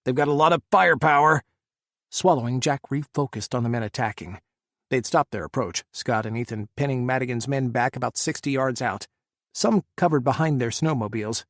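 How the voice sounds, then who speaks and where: A male narrator reads an audiobook in steady, measured narration at a middling pitch. The recording is dry and close, with no room sound. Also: dry recording. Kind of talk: scripted narration.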